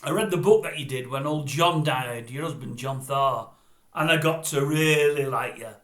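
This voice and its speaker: A man's voice: mid-range voice, normal speed, a bit bright. An older man delivering a blunt, grumbling, rambling opinion monologue to camera. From Britain. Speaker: vlogger. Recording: roomy echo.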